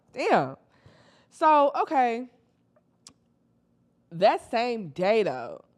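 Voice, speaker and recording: A young woman telling a casual storytime, slangy and animated, acting out her friends' lines. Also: sits low. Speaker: storytime vlogger.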